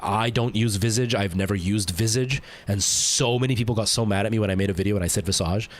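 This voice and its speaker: A man's voice: fairly low pitch, quick pace, no echo. A young man from El Salvador with a Canadian English accent, Spanish as his first language, chatting loosely on a stream and filling his talk with "like.". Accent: Canadian English with some American. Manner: rambling, lots of "like", mimics others' voices. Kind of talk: casual stream chat.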